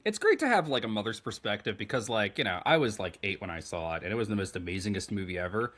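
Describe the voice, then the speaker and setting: A man co-hosting a podcast in casual chat, animated and rambling, swearing freely. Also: on the low side, fast talker. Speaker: podcast co-host.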